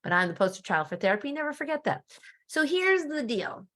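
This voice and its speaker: Chatty woman coach, slightly high voice. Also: a little fast. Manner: chatty, animated, self-mocking, with laughs. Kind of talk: casual talk to camera.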